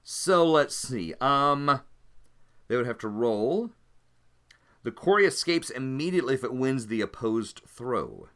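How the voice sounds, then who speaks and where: A man narrating his own solo tabletop game, thinking through rolls aloud in a casual, chatty manner. His voice is animated and bright, rising and falling freely. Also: medium pitch.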